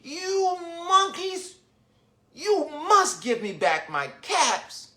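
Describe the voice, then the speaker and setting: A man reads a children's storybook aloud and puts on a fed-up cap peddler who scolds the monkeys in a raised, pitched-up voice. Each line leaps well above the narrator's own register. Some echo from the room hangs around it. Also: big pitch swings, takes it slowly, sharp tone, heavily acted. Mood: scolding. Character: exasperated male cap peddler, angry at monkeys. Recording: roomy echo.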